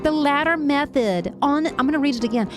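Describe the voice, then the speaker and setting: A woman with a high voice hosts a casual live stream. She reads news articles aloud and stops to vent and laugh, talking to her chat. Faint music plays underneath. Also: expressive, fairly quick. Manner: emotional, frequently laughing and venting. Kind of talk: live-stream news commentary, chatting with viewers.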